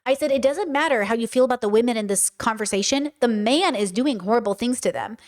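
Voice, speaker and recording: A woman's voice: a little high, fast talker. A woman streaming live commentary, talking passionately and emphatically and answering her chat.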